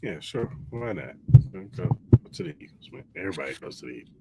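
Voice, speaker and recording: A man co-hosting a casual sports podcast, with a low voice that swings widely in pitch. He talks in a laid-back, teasing way, tossing off short jokes and one-liners. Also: huge pitch swings, fast talker, gravelly, very noisy. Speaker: podcast co-host.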